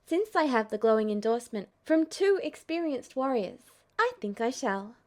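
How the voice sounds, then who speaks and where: A woman voicing a gentle, playful young woman, speaking brightly in a fan-fiction audiobook. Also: a little high, sing-song, normal speed.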